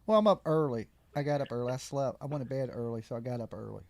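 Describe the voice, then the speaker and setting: Hosting a live call-in show from his home studio, a man chats casually in a loose, slangy, joking way and sounds congested. He has a mid-range, darkish voice and talks fast.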